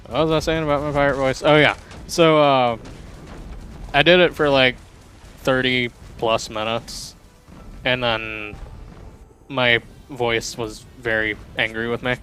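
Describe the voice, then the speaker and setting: A male streamer chatting loosely through his gameplay, wandering between thoughts and poking fun at himself. His voice sits at an ordinary middle pitch. Faint game music and cannon fire run underneath. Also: steady tone, a little slow, pauses often, a bit bright. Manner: chatty, rambling, self-deprecating. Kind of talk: casual gameplay commentary.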